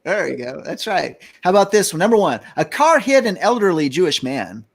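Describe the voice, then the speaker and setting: An older male host with a lively, swooping voice pitched a little high. He rambles along in casual banter and reels off jokes in a playful way. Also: a little fast, vocal fry. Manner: jokey, rambling, telling jokes. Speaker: show host. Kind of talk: casual talk-show banter.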